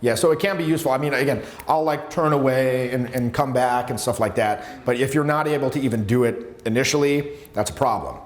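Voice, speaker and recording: A man coaching a live workshop on social skills, talking in an animated, emphatic way with many restarts. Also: mid-range voice, fairly quick, few pauses. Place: seminar room with students. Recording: echoey room.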